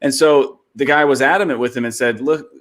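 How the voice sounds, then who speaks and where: A man hosting a casual online talk show, telling stories in a lively, animated way. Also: mid-range voice, brisk. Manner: animated storyteller, voice jumps up when excited. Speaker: podcast host. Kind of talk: casual chat.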